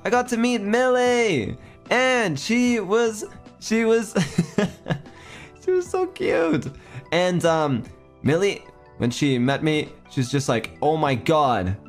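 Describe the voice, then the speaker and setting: A man chatting casually and excitedly, telling a story with lots of laughter. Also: sits high, takes it slowly, faint music behind. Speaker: streamer.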